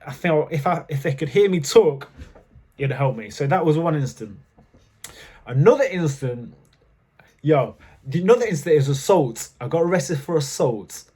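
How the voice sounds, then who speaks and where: A man with a fairly high, slightly mellow voice vlogs, telling candid personal stories to camera. His casual storytelling is chatty and full of fillers.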